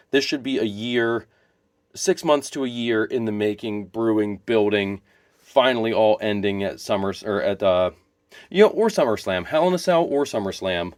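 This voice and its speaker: With a fairly low voice captured dry and at studio quality, a wrestling YouTuber talks loosely to camera. He's eager and meandering, frequently stopping to rephrase or fix what he just said.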